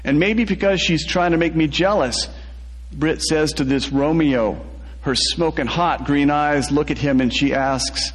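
A man's voice: on the high side, a little slow, husky, in a large hall. A man reading a first-person story aloud, laughing through the telling.

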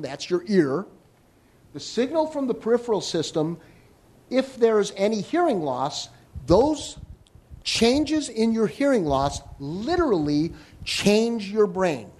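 A man giving a live talk to an audience on hearing and listening, explaining in an animated way with joking asides. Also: high-pitched. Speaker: hearing health lecturer.

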